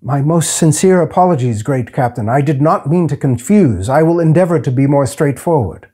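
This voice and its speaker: Guy doing a polite little healer man, soft formal storybook voice, dark and husky. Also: on the high side. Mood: calm, courteous. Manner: formal, soothing, slow and careful.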